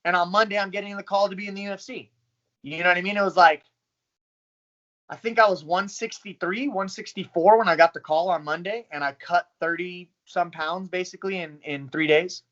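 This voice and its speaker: A man in his thirties, a professional fighter, telling his story in a casual, profane, animated way. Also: high-pitched, fairly quick, lo-fi sound. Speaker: pro fighter. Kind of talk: casual interview talk.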